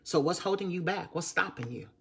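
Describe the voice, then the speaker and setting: A woman's voice: on the low side, expressive, fairly quick, gravelly, husky. A woman, giving a live-stream motivational talk as a network marketer and speaking with emphatic repetition to her viewers. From Texas. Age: 50s. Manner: emphatic, repetitive, preachy, addresses viewers as y'all.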